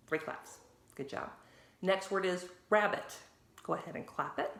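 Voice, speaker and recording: Woman teacher, slow clear spelling, echoey room. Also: lowish voice, animated, very noisy. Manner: slow, clear spelling out of letters for young learners. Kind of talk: recorded reading lesson for children.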